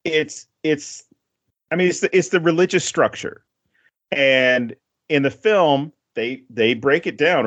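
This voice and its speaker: A man from Louisiana chatting casually as a podcast guest, rambling and swearing easily, with frequent restarts. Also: medium pitch. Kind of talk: casual chat. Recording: dull lo-fi podcast audio.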